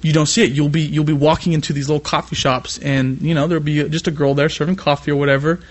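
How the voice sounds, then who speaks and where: A young man from California delivers a sermon in a fairly high voice. He preaches with animated energy, then slips into relaxed, chatty asides full of "you know.". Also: fast talker. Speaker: youth pastor. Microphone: iPad.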